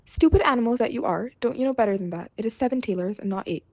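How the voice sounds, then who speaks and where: A woman's voice: on the high side, fast, mellow, dry recording. A woman reading as a stubborn grumbling peasant man. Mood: angry. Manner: blustering, exasperated.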